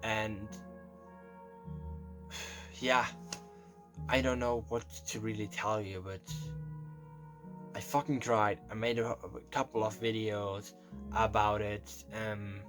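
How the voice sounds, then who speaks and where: A man's voice: fairly low pitch, level tone, slow pace, pauses often. A young man telling a confessional story, rambling and emotional, close to tears and swearing often. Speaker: vlogger. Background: faint background music.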